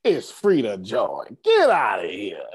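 A man presenting on an online meeting call, excitable and casual, repeating himself for emphasis. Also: medium pitch, breathy edge. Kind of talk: animated motivational pitch.

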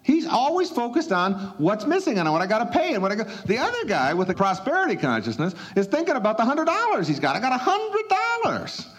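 A man's voice: extremely high pitch, wildly swooping pitch, a little fast, few pauses, fairly bright tone. A man giving a motivational talk in a conversational, emphatic way, chuckling between points. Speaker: motivational speaker.

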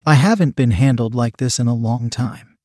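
Lonely older married lady, slow and pleading, as a guy puts her on, dry close audio. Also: mid-range voice, mellow, no echo, natural voice. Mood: longing.

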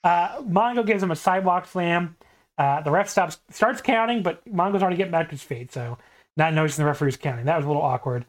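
A podcast host in relaxed conversation who tells the story with lively energy and breaks into laughter again and again. The pitch sits in an everyday middle range. The talk keeps rolling, full of little asides. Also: quick pace. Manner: animated retelling with frequent laughter. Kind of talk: casual chat, recapping a wrestling match.

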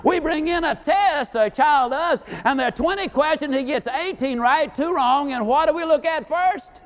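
Animated high-voiced man orating. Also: moderate pace. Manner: animated folksy storyteller, questions the audience. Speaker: motivational speaker. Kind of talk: live motivational speech.

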